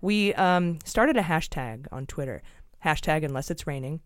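A woman hosting a podcast in casual chat, playful and quick to laugh. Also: low voice, expressive, no room sound, studio quality. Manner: playful, laughs often, reads jokes aloud. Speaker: podcast host.

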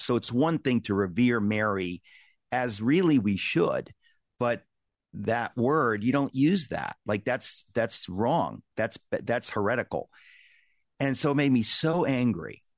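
A man hosting a talk show, telling a personal story in an earnest, emphatic way with many halting restarts. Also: on the low side, lively intonation, no room sound, clean studio sound. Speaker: host.

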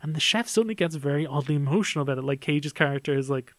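A man with a fairly high voice talks through a film he loves in a casual podcast review. He sounds enthusiastic and analytical, and his speech is peppered with "like" and "um." The recording is dry and close, with no room sound. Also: lively intonation, rapid-fire, dry recording. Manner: enthusiastic, analytical, many fillers like "like" and "um".

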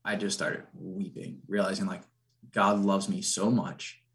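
A man's voice: low-pitched, level tone, a little slow. A man, a podcast guest, telling a personal story in an earnest, reflective way with many restarts. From United States.

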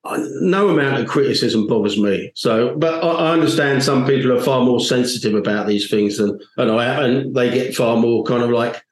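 A man's voice: mid-range voice, moderate pace, few pauses, roomy sound, rough recording. A man on a panel, blunt and jokey, giving strong opinions and swearing casually.

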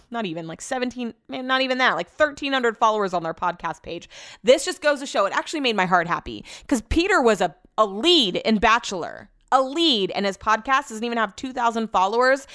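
A woman's voice: mid-range voice, fairly bright tone, dry recording, studio quality. A young woman hosting her own podcast, rambling in casual chat with lots of fillers and restarts. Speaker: podcast host. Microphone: podcast mic.

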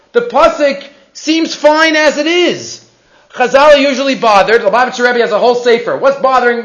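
Male Torah teacher, very high and lively voice, animated lecture, muffled recording in an echoey room. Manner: animated, asks many rhetorical questions. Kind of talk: weekly Torah class lecture.

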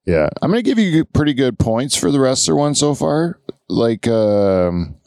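A man's voice: medium pitch, sing-song, a little slow, darkish tone, no echo, studio quality. A man co-hosting a comedy podcast, chatting casually and rambling with lots of fillers and laughter. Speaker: podcast co-host. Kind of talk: casual chat.

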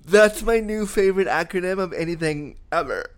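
A man with a notably high voice hosts a casual chat. He speaks bluntly, swears without holding back and strings thoughts together with lots of "like". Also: expressive, moderate pace. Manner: frank and blunt, swears, fills with lots of likes. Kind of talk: casual conversational interview.

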